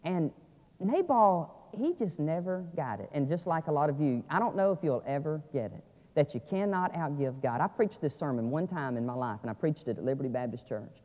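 A man preaching a sermon, dropping to quiet asides and rising to loud, emphatic climaxes. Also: lively intonation, fairly quick. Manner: swings from low asides to shouted climaxes. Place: church sanctuary. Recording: lo-fi audio with long church reverb.

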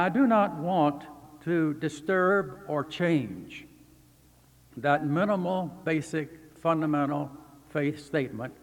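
An older man from Texas giving a formal academic lecture as a visiting seminary professor, speaking in measured, deliberate phrases with pauses. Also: a little high. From Texas, USA. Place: lecture hall. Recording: long reverb from a large hall.

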